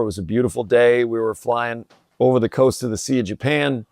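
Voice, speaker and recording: A middle-aged man telling a personal story in an interview, relaxed and full of fillers and restarts. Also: medium pitch, brisk, dry recording, studio quality. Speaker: podcast guest, company president. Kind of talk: conversational storytelling.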